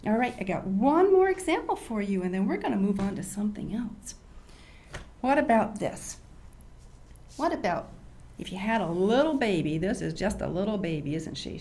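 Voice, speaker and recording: Older woman, children's show host, higher voice, very expressive pitch, teacherly, asks kids questions. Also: normal speed.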